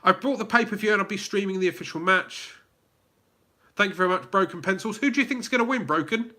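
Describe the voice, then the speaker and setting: Fast and forceful, this livestream host's voice sits high and sounds bright. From England with a southern English accent, he runs a casual live Q&A, chatting, reading out viewer comments, and using many fillers and restarts.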